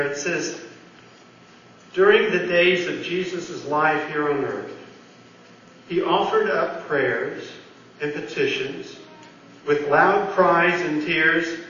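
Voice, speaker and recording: A man delivers a sermon at an unhurried pace, his voice bright and a little high. He talks to the congregation like friends, asking them questions. The sound is distant and dull, swimming in the echo of a big hall. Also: a little hiss or hum. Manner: earnest, conversational preaching with questions to the congregation. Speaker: pastor.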